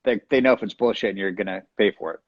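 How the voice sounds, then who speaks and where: Man, fast talker, husky, playful guest chat, dull lo-fi call audio. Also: fairly low pitch. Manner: playful, joking, quick asides. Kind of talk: casual chat.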